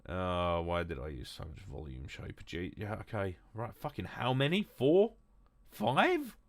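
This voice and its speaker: A man's voice: low voice, big pitch swings, normal speed, fairly bright tone, no echo. A man chatting casually on a live stream while drinking whiskey, rambling, swearing and mocking himself.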